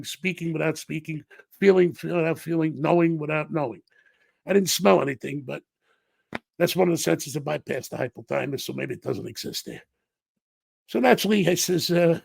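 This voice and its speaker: A middle-aged man, a podcast guest, telling a story in an animated way and acting out the dialogue. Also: a little high, creaky, no room sound.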